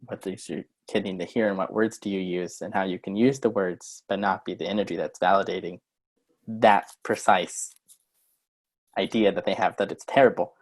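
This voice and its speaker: A man's voice: deep voice, steady tone, normal speed. Earnest man explaining on a video call. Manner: earnest, acts out short example lines. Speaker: guest coach. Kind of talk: conversational explaining.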